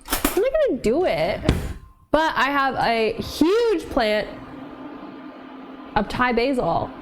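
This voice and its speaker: A woman's voice: sits high, sing-song, slow, noisy background. A woman chatting casually with viewers while cooking in her home kitchen, laughing often and cooing at her dog. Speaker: streamer cooking on camera.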